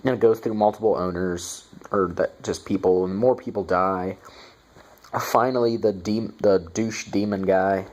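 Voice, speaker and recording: A man's voice: sits low, steady tone, measured pace, a little mellow. Sarcastic man reviewing a movie. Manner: sarcastic and profane, with mocking asides. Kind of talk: casual spoken movie review.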